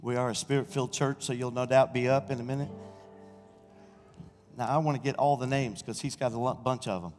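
A middle-aged senior pastor, preaching an exuberant sermon and shouting praise in a church sanctuary. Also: male voice, mid-range voice, steady tone, a little fast, soft background music. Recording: reverberant church hall.

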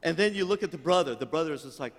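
A male pastor preaching a sermon, swinging between fervent, near-shouted passages and quiet, chatty storytelling. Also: on the high side, animated, rapid-fire, big-room sound, a little hiss or hum. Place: church sanctuary.

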